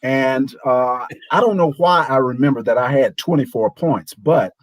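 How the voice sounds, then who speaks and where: A man in his sixties, a show guest, telling a lively anecdote and acting out the voices of people in it. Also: medium pitch, normal speed, no room sound, low-quality recording. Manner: animated, acts out quoted voices. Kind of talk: storytelling anecdote.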